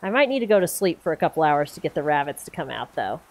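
A woman's voice: sits low, very animated, quick pace. A woman streamer giving casual, chatty let's-play commentary, talking to herself as she plays. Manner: chatty, talks to herself while playing. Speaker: gaming streamer.

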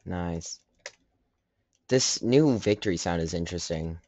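A man's voice: low-pitched, measured pace, darkish tone, no room sound. A man giving casual, self-deprecating commentary over his own online match, with joking asides. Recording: dull lo-fi dry sound.

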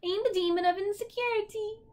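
Woman putting on a small sniveling demon, high, whiny, insecure, storybook reading. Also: lively intonation, a little slow. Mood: whimpering. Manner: pitch jumps high, whiny and sobbing.

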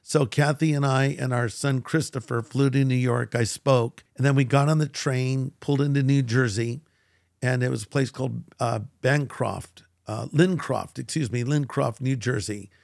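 Clean studio audio with no room sound captures an older man's mid-range voice, touched with vocal fry, at a moderate pace. A guest pastor being interviewed, he tells a personal story with animation, performing the voices of the people involved.

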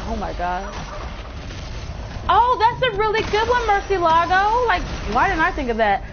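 A woman's voice: very high voice, sing-song, normal speed. A young woman streaming a game live, chatting with viewers, swearing and shrieking whenever she is in danger. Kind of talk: live gameplay commentary. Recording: dull lo-fi mic with audible noise.

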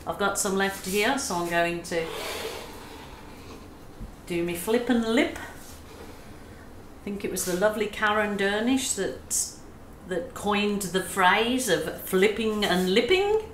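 Slow, easygoing Australian woman painter. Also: mid-range voice, animated, slight background noise. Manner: chatty, self-deprecating, soothing coaching. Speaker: acrylic pouring artist. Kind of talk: casual painting tutorial chat. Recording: echoey room with faint ambience.

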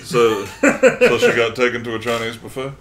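A man's voice: medium pitch, sing-song, moderate pace, fairly bright tone, slight background noise. A man playing a card game with friends, reading prompts aloud in casual chat.

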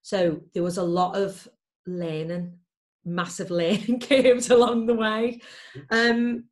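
Lively woman. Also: medium pitch, takes it slowly. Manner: lively, emphatic storytelling with frequent fillers. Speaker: interview guest. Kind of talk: candid interview chat.

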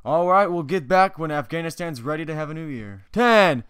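A man's voice: on the high side, lively intonation, fairly quick, a bit bright. A young man hosting a casual video, chatting loosely and a little self-mockingly between countdowns. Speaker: video host.

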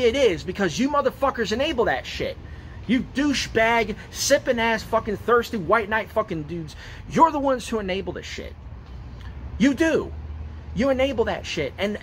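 A man's voice: sits high, a bit bright, slight background noise. A man ranting angrily and profanely to camera, repeating himself and stumbling over his words. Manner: profane, aggressive, repetitive, stumbling. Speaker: ranting video poster. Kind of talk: angry rant to camera.

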